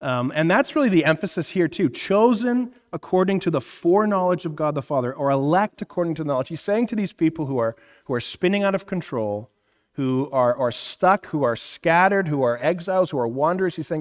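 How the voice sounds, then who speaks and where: Slightly high and expressive, this thirtysomething pastor's voice moves briskly. His sermon is conversational teaching, full of questions to the room and frequent "right?" check-ins, recorded in a reverberant hall.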